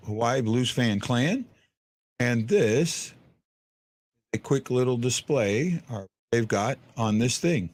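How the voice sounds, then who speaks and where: A man hosting a fan podcast, chatting casually and rambling with lots of restarts and fillers. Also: mid-range voice. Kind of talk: casual live-stream chat.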